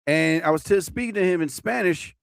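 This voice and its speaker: A man's voice: high voice, a little fast, creaky, dry recording, clean studio sound. A middle-aged man hosting a casual live stream, rambling, cursing and laughing at his own jokes.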